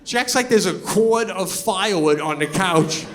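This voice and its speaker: A middle-aged man tells stories in an animated stand-up set, sometimes bursting into loud shouts. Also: sits high, normal speed, in a large hall, slight background noise. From Long Island, New York. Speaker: comedian. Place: stage before a live audience.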